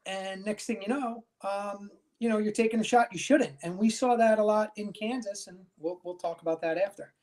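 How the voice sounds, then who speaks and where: A man's voice: high voice, fairly even intonation, moderate pace, few pauses, darkish tone. Chatty male talk-show host. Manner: chatty, frequent "you know".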